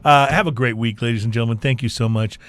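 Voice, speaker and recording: Man, show host, casual chat, halting delivery full of fillers, dry close sound. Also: mid-range voice, steady tone, fairly bright tone, clean tone, dry recording. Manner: halting, many fillers and restarts. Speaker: podcast host.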